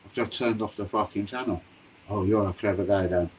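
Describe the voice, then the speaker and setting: A young man hosting a live football stream, chatting to his viewers in slangy, excitable talk with frequent swearing. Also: on the low side, brisk, a little hiss or hum, poor audio. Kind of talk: casual live-stream commentary. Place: home room.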